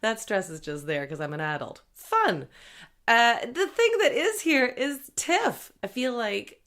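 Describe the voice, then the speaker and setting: A woman's voice: a little high, big pitch swings, measured pace, fairly bright tone. A woman hosts a podcast and talks in a bubbly, chatty way, joking and laughing at herself. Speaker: podcast host. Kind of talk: solo podcast intro monologue.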